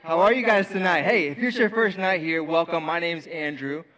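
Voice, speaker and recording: A man's voice: fairly high pitch, normal speed, slight background noise. A young man giving a youth sermon. He jokes with the crowd and tells a story, acting out the voices in it. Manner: lively, joking with the crowd, acts out voices in his story. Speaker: youth pastor. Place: church youth service before an audience.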